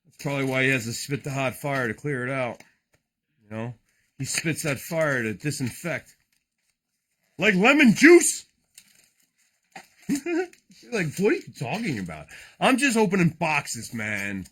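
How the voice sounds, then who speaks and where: A man's voice: medium pitch, very animated, normal speed, a bit bright. A man hosting a late-night card break, joking, rambling and swearing as he opens packs. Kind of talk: casual livestream card break.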